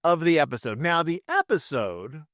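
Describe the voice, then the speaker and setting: A man hosts his own podcast from home, retelling cartoon stories in a loose, chatty way. His pitch swings widely as he dips into brief voices for the characters. The sound is dry and close, with no room around it. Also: big pitch swings, moderate pace, fairly bright tone, no echo. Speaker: podcast host reviewing cartoon episodes. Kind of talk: casual solo commentary. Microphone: microphone with camera.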